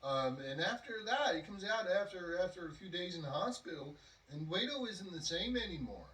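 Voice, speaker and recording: An expressive podcast host with a high, bright voice tells a story briskly and casually. He rambles, drops lots of fillers and acts out quotes, all captured far from the mic in a roomy room.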